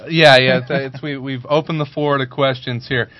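Dry, muffled podcast co-host. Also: male voice, medium pitch, level tone, normal speed, no room sound. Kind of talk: casual podcast chat.

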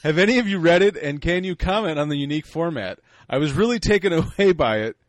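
A man doing a wacky high-pitched mail puppet voice. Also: expressive, fast, no room sound, close to an everyday voice. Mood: goofy. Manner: wacky high put-on voice, breaking into laughs. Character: goofy male mail puppet reading listener email.

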